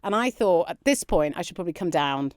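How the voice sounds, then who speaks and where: A woman's voice: fairly low pitch, quick pace, dry recording, studio quality. A woman, a comedian guest telling an anecdote in casual chat, acting out the quotes. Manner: animated anecdote with acted-out quotes.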